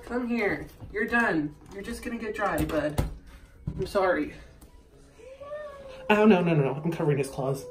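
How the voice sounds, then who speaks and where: A young man vlogging at home, talking to camera in an excitable way, laughing and yelping as he goes. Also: sits high, unhurried, pauses often, over music. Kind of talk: casual chat to camera. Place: bathroom at home. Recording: echoey bathroom.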